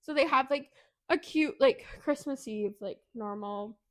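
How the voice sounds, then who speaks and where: A woman co-hosting a podcast, chatting through a book's plot in a fairly high voice. She is animated and giggly as she retells it. She slips into a higher voice to act out the characters' lines. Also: a little slow. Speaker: podcast co-host. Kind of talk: casual book recap chat.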